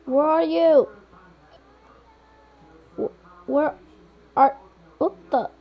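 A woman's voice: high-pitched, fairly even intonation, drawn-out words, dull audio, faint music behind, pitched above the performer's own voice, heavily acted. A woman voicing a frantic man who has just died and woken up dressed as a girl, yelping and groaning in a role-play game story. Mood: confused.

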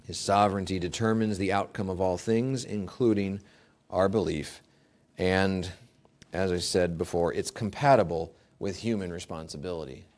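A male pastor preaching a sermon, emphatic and rising to forceful peaks, acting out quoted prayers with mock pleading. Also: deep voice, steady tone, normal speed.

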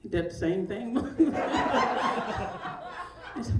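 A woman's voice: fairly low pitch, expressive, normal speed. A woman in her forties from Baltimore, Maryland, doing a stand-up comedy set in front of a live audience, brash and profane and laughing often. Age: 40s. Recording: echoey room, mic at a distance, noisy.

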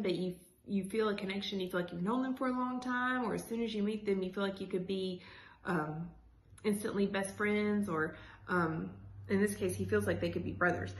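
A woman's voice: mid-range voice, normal speed. A woman teacher reading a children's chapter book aloud, stopping to explain in a casual way with many fillers. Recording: echoey room.

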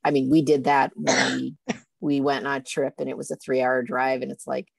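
A woman's voice: a bass voice, level tone, normal speed, gravelly, husky, dry recording. A woman with a rural Illinois accent, telling stories and laughing easily in a casual video call. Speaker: coaching call participant.

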